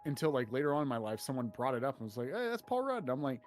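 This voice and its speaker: A man co-hosting a podcast, chatting casually and animated, jumping up in pitch when quoting people. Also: racing, soft background music. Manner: animated storyteller, jumps up in pitch for quotes. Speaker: podcast co-host. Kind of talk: casual chat.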